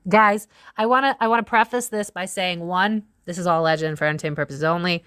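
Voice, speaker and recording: A woman giving a psychic tarot reading to camera, talking in a blunt, profane way with sudden loud outbursts. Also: lowish voice, clean tone, no echo, clean studio sound. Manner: blunt and profane, quick swings into loud exclamations.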